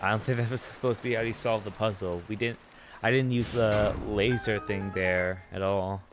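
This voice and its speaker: A man's voice: fairly low pitch, fairly even intonation, normal speed. A young man casually commenting on his gameplay with dry, joking asides. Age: young adult. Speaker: gaming channel host. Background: game music.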